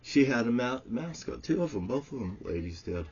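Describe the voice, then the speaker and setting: A man delivering an angry, profane monologue to the camera as a self-styled prophet, swinging between shouted curses and low, muttered storytelling. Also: big pitch swings, normal speed, highs cut off.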